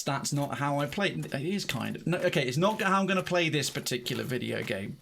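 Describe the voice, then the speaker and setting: A man giving casual, self-mocking commentary while streaming a game, breaking into excited outbursts. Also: a little high, brisk, creaky, slight background noise.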